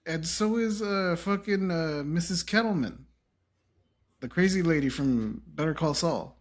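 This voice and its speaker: A man's voice: a little high, unhurried. A man co-hosting a podcast in casual chat, playful and jokey. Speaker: podcast co-host.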